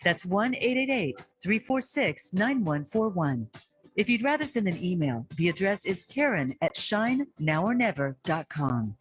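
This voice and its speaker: A woman announcer reads a scripted radio break. She speaks slowly and deliberately, and her voice moves freely up and down. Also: lowish voice, big pitch swings. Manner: slow, deliberate reading of numbers. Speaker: program announcer.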